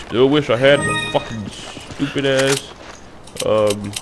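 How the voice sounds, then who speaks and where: A man's voice: medium pitch, slow pace. A man giving casual, profane commentary while playing a video game, often talking to the characters on screen. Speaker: gameplay commentator. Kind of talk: casual let's-play commentary. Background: loud game music.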